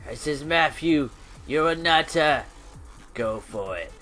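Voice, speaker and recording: A man's voice: fairly high pitch, expressive, slow pace, bright, forceful tone, voice pushed up, exaggerated voice. A man voicing a cheeky veteran WWII fighter pilot, narrating flight game footage in slangy old-timey banter. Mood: boastful. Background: faint electronic music.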